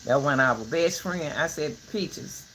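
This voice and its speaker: Animated grandma vlogger. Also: female voice, low voice, a little slow, slight background noise, low-quality recording. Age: older. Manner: animated, preachy, folksy advice. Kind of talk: casual vlog talk.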